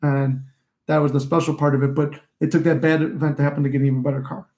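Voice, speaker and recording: A man's voice: on the high side, little pitch movement, fast, a little mellow. A young man in his twenties telling rambling, profane stories in a casual livestream chat, reading viewer comments aloud. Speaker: livestream host.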